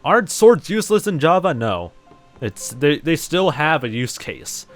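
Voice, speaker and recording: A man's voice: fairly high pitch, big pitch swings, normal speed, faint music behind. Rambling Kiwi man chatting while gaming. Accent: light New Zealand, somewhat American-sounding. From New Zealand. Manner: rambling, heavy use of "like" and "um", many restarts. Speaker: game streamer. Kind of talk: casual live-stream chat while gaming, reading chat aloud.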